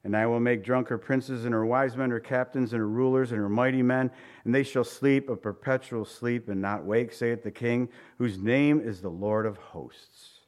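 A man preaching a verse-by-verse sermon, reading scripture aloud and then commenting in a relaxed, conversational way, sometimes acting out incredulous reactions. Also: mid-range voice, moderate pace. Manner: animated, acts out incredulous reactions.

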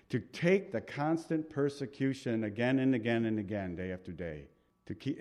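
A man delivers a sermon in an earnest, conversational manner, breaking off for asides as he walks through scripture. His voice sits in a middle pitch range. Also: a little mellow. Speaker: pastor.

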